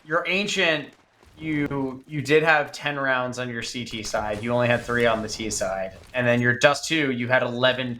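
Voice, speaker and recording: A man hosting a casual watch-party stream. He talks in an animated, joking way and swears freely. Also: medium pitch, normal speed, a little hiss or hum. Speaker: stream host.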